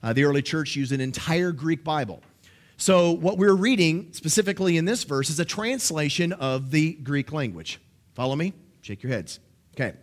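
Lively high-voiced male preacher. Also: moderate pace. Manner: emphatic teaching with rhetorical check-ins. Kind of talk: sermon.

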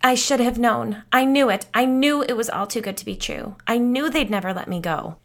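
A woman's voice: mid-range voice, fairly even intonation, normal speed, a bit bright, voice pushed up, close to an everyday voice. A woman voicing a frightened, frantic adult woman who speaks in a panicked, breathless, pleading way.

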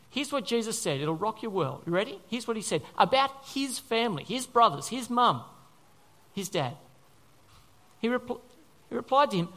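High, lively-voiced male preacher. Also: moderate pace, pauses often. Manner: earnest, repeats phrases for emphasis, asks the congregation questions. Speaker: pastor. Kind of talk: sermon.

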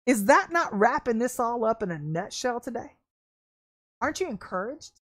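A woman ministry leader preaching an online sermon, fervent and emphatic, with blunt, folksy talk and bursts of excitement. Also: fairly high pitch, normal speed.

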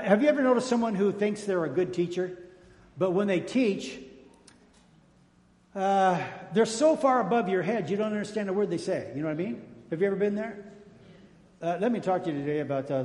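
Older guy pastor, high voice, folksy jokey sermon, big echoey church. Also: a little mellow. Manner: folksy, jokey preaching with call-outs to the congregation. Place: church sanctuary.

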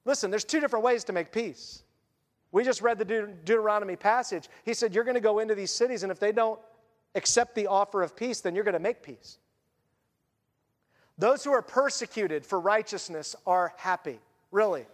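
In an echoing church hall where a long reverb follows every phrase, a male pastor delivers a sermon. His voice is high and light, and his conversational, lively preaching is sprinkled with quick voiced asides.

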